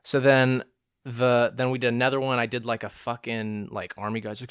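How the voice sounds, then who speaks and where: A man's voice: medium pitch, little pitch movement, moderate pace, clean tone, no echo, studio quality. A young man in his twenties rambling casually through a self-deprecating, profane monologue as a vlogger.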